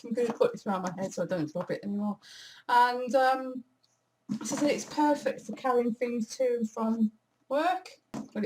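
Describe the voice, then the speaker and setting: A woman's voice: on the high side, darkish tone. A woman, chatting casually and rambling in a self-deprecating way as a vlogger. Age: 40s. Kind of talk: casual monthly favourites chat.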